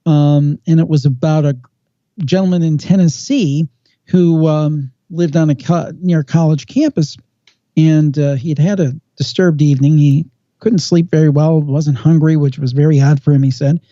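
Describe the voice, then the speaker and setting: A man with a very dark, mellow voice spins a creepy story, slowing down and leaning on the tense moments. The sound is dry and a little dull, like a lo-fi podcast recording. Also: on the high side, fairly even intonation, no room sound. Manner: measured storyteller with slow dramatic pauses. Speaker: paranormal podcast guest host.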